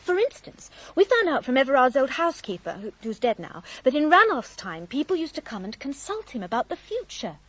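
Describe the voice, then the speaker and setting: A woman's voice: high voice, sing-song, brisk, hardly any pauses, no room sound, poor audio. An actress playing a playful, teasing young woman from an old family in a radio drama, telling a yarn. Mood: storytelling. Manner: teasing, lilting, storytelling. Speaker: Miss Raven.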